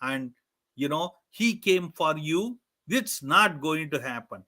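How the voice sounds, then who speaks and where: A strict, devout father scolds his son and hammers the same points again and again, voiced by a storyteller. His voice sits high and bright. He is a figure in a devotional story. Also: expressive, slow pace, exaggerated voice. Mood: angry scolding.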